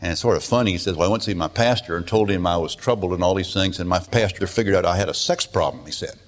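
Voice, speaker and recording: A man's voice: deep voice, fast talker. An older man preaching a sermon in a conversational, storytelling way. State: emotional at times. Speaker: pastor.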